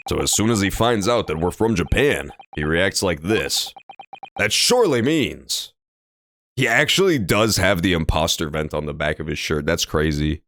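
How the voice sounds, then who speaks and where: A man's voice: sits low, lively intonation, normal speed, fairly bright tone, slight background noise. A young man casually commenting while playing a story game, joking crudely and swearing freely, at a desk microphone at home. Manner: crude, profane, jokey.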